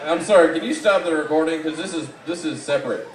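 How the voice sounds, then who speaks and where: A man delivering a live comedy roast set in a mocking, rambling way, with sudden loud outbursts. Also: fairly high pitch, fast talker, slight background noise. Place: live event room. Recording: echoey room, distant mic, audible background.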